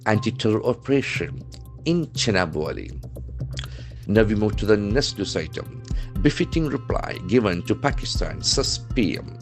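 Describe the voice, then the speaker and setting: A man's voice: lowish voice, sing-song, normal speed, faint music behind. A man with an Indian English accent giving an English vocabulary lesson from the news, spelling words out letter by letter and repeating each one with heavy stress. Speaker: English trainer.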